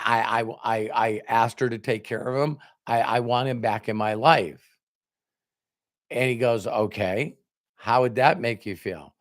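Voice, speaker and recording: Animated middle-aged man telling a story. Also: medium pitch. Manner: animated storyteller, acts out both sides of dialogue. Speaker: motivational speaker. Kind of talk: storytelling talk to an audience.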